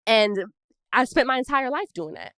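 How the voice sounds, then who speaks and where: A woman's voice: high-pitched, big pitch swings, moderate pace, a bit bright, no room sound, clean studio sound. A woman from Brooklyn, co-hosting a podcast and telling personal stories in casual conversation. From Brooklyn, New York. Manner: reflective storytelling with asides. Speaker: podcast co-host.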